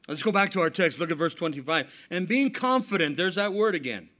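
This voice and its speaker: A middle-aged male pastor preaching a sermon, telling stories and swinging between loud emphatic lines and hushed ones. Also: a little high, expressive, brisk.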